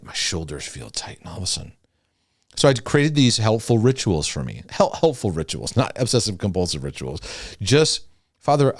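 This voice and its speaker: A middle-aged man teaching casually about faith and mental health, dropping soft and low when he confides. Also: no room sound, studio quality. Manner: animated, drops soft and low when confiding, talks to God aloud.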